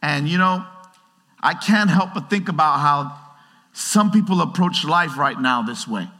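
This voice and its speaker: Animated preacher in a reverberant hall. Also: male voice, fairly high pitch, unhurried. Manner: conversational, animated preaching with acted-out quotes. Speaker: pastor. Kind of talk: sermon. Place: large church hall.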